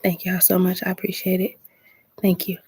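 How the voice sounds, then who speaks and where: This woman reads tarot on a late-night livestream, her laid-back chat soft and low as she welcomes viewers by name. Her delivery is monotone at a moderate pace, with a breathy edge, and the recording is dry.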